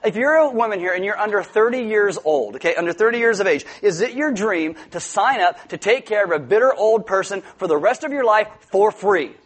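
A male pastor with a notably high voice delivers a sermon. He talks to the congregation in a loose, joking way and now and then breaks into loud outbursts. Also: expressive, a little fast, hardly any pauses. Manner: joking, conversational preaching with sudden loud outbursts. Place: church before a congregation.

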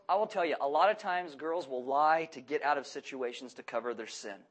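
A man preaching a sermon to a congregation, lively and questioning, acting out voices as he goes. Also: high voice. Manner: animated, acts out voices and asks the audience questions. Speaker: pastor.

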